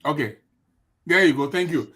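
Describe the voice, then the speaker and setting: Male host, a bit high voiced, polite, thanking folks and moving on. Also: animated, moderate pace, a bit bright, slightly rough. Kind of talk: talk show hosting.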